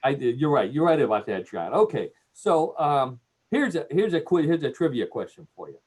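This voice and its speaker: Man, Cleveland accent, radio host, husky, animated pitch, jokey. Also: normal speed. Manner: jokey, laughs at his own jokes. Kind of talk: joking radio chat. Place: radio studio.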